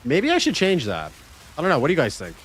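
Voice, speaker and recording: A game streamer from Canada, a man talking casually and profanely to his chat. His voice sits a bit high for a man, with a very lively, bouncing pitch. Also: fast, husky. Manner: casual, profane, chatty with viewers.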